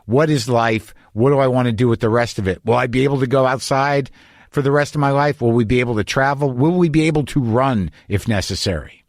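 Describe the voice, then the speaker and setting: A middle-aged man hosting a podcast, delivering an anxious, rambling, profane comic monologue in a deadpan way before chatting with a guest in his home studio. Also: medium pitch, brisk, no room sound. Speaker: podcast host.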